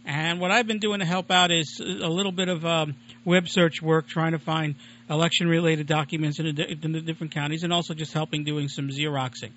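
His voice a little high and fairly bright, a man speaks briskly with fairly even intonation on his home-made radio show. It's a casual rambling monologue, chatty, digressive, and self-deprecating. The lo-fi recording is muffled, with a little hiss or hum.

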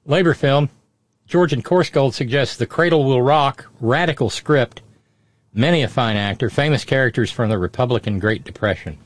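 A middle-aged man hosts a radio show, telling a family story in a rambling, digressive way, like a casual on-air monologue. His voice sits at a medium pitch and moves at normal speed, with no room sound.

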